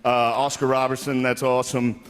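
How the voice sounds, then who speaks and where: A man's voice: mid-range voice, flat delivery, moderate pace. Man doing stand-up in an echoey hall. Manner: rambling anecdotal delivery with laughs. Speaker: comedian. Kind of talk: stand-up at an awards show. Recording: echoey hall with faint noise.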